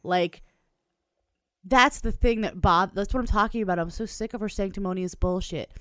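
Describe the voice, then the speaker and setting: Opinionated podcast co-host, blunt, profane, medium pitch, dry close sound. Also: moderate pace, bright, forceful tone, clean tone, no room sound. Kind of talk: casual chat about a TV show.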